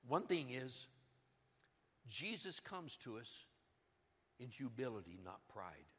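A man preaching a sermon as pastor, swinging between loud urgency and hushed, drawn-out emphasis. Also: sits high. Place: church sanctuary. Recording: long hall reverb.

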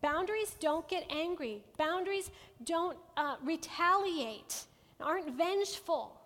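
A woman teaching a Bible study to a women's group in an earnest, gentle way, often checking in with her listeners. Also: very high-pitched, animated, measured pace. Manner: asks the audience frequent check-in questions. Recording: long hall reverb.

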